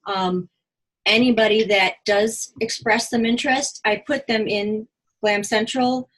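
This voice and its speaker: A woman speaking as a jewelry consultant, sharing sales tips in a casual, quick and animated way at a team meeting. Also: fairly high pitch, rough recording. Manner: quick, chatty, animated, acts out quotes.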